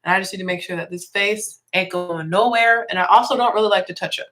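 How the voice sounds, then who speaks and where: A young woman, a music teacher and beauty vlogger, narrates her makeup tutorial casually and explains each step as she works. She talks quickly in a mid-range, slightly congested voice that is a bit bright.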